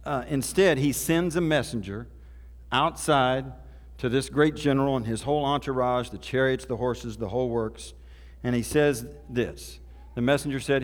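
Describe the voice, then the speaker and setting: A man's voice: medium pitch, moderate pace. A man from Oklahoma, preaching a sermon in a folksy, conversational storytelling way. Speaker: pastor. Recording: reverberant hall.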